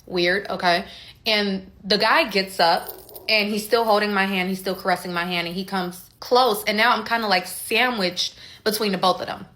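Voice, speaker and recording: A woman's voice: mid-range voice, steady tone, normal speed, pushed and bright. A young woman casually telling a personal story, candid and conversational, acting out quoted dialogue as she goes.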